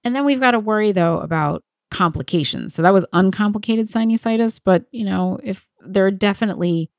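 A female doctor chats through medical topics in a conversational, anecdotal way. Her mid-range voice has a noticeable gravelly fry to it. The recording is close and dry. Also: mid-range voice, a little mellow, no echo. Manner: conversational, quick to laugh and tell anecdotes. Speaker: physician podcast co-host. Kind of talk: medical education chat.

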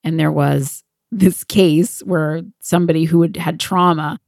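A female physician co-hosting a medical education podcast, talking conversationally and quick to share anecdotes. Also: deep voice, fairly even intonation, creaky, darkish tone, dry recording, studio quality.

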